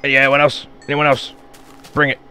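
A man's voice: mid-range voice, monotone, a little fast, sharp tone, smooth. A man giving rambling let's play commentary, swearing and mocking himself as he plays at home. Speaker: gamer.

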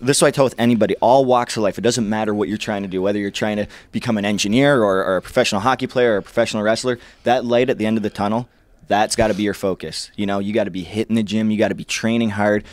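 A man who talks quickly and with energy, his words tumbling out as he tells stories and gives advice. He acts out the words of his mentors with lively shifts. The sound is close and dry. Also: on the low side, dry recording. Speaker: guest wrestler. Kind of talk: interview, telling stories and advice.

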